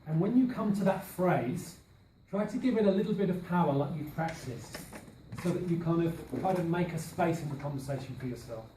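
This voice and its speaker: Lively teacher in an echoey classroom. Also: male voice, fairly high pitch, brisk. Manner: models phrases with emphatic stress. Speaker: language teacher trainer. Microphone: far camera mic. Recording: roomy classroom from a distance, faint hiss.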